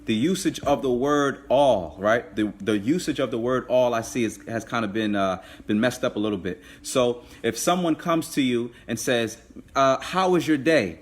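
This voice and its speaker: A man teaching a live online language class, patiently repeating and drilling words slowly. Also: mid-range voice.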